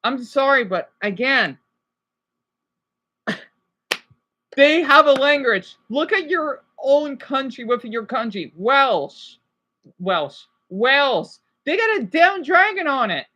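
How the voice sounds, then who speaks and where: A woman from Arizona with an American accent, voice sitting a bit high, rants on a livestream. She rambles, doubles back and keeps punching her points with "okay?". The sound comes from a simple home mic setup. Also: big pitch swings, slow pace, pauses often, bright, forceful tone, muffled recording. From Arizona, USA. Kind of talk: ranting livestream monologue. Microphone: basic home setup.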